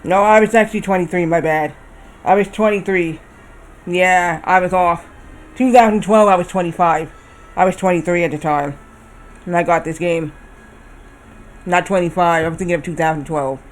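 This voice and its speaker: Man, 30s, high voice, rambling casual streamer, faint music underneath. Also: steady tone, moderate pace, pauses often. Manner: rambling, often corrects himself. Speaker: livestreamer. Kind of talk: casual chat while playing a game.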